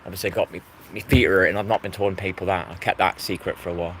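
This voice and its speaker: A man's voice: low voice, steady tone, rapid-fire. Rambling English man with traffic behind. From England. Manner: meandering, repeats himself, greets chat viewers. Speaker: live streamer. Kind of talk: rambling live-stream chat.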